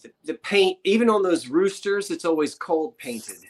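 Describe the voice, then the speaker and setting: A man hosting a live online auction, talking in a loose, rambling patter and tossing in little jokes. His voice sits a touch high for a man, and he keeps a friendly sales chatter going. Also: lively intonation, normal speed. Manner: chatty, rambling, joking asides.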